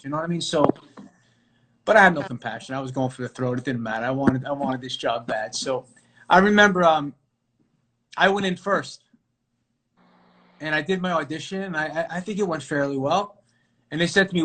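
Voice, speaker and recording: A middle-aged man from New York, an actor guest telling stories casually on a live video call, animated and full of fillers and restarts. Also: fairly high pitch. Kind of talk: casual storytelling interview.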